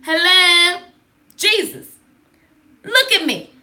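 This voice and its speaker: A woman's voice: very high voice, animated, takes it slowly, sharp tone, pitched above the performer's own voice, heavily acted. A woman voicing a frazzled, indignant hostess who demands attention, sounding exasperated.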